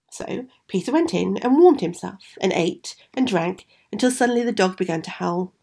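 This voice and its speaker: A woman reading a fairy tale aloud in a measured, expressive way. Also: mid-range voice, gravelly. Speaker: storyteller.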